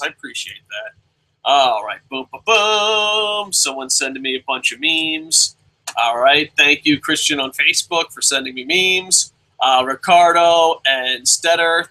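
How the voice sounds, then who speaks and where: A young man hosts a casual live review by himself, reading viewer comments aloud. His voice is very bright and a little husky, and his pitch swings widely. He swears freely and jumps between loud outbursts and mumbled asides. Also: low-quality recording. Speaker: show host.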